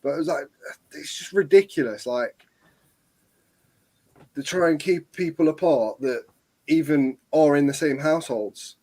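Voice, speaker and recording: Young lad rambling on, lots of ums, casual chat. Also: male voice, fairly high pitch, unhurried, pauses often, dark tone, low-quality recording. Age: young adult.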